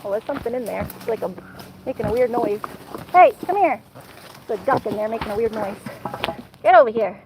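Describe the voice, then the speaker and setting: A woman with a high voice chats and laughs as she films herself by a lake, calling out to her dog between remarks. The recording has loud outdoor noise from wind and water, picked up by a camera standing on a tripod. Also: animated, fairly quick, pauses often. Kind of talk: casual outdoor vlog. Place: outdoors at a lake shore and woods.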